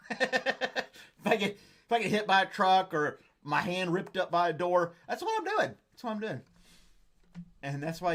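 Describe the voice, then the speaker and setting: A man's voice: a little high, fairly bright tone. A man hosting a casual live stream, rambling and joking as he reads viewer comments. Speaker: host.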